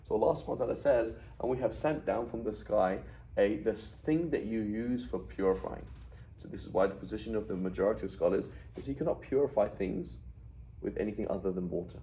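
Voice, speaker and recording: Low, mellow-voiced man teaching a class. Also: moderate pace, slight background noise, low-quality recording. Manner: conversational, asks the class questions. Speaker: Arabic teacher. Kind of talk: classroom lecture.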